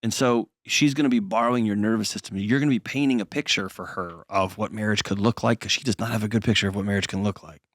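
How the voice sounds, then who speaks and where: A middle-aged man hosting an advice call-in show, talking calmly and earnestly. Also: mid-range voice, no room sound, clean studio sound. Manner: calm, earnest counseling. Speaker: host.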